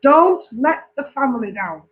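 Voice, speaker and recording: A man's voice: extremely high pitch, expressive, moderate pace. A man playing a stern warning father. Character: stern father sending his son off. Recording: tinny phone-like recording.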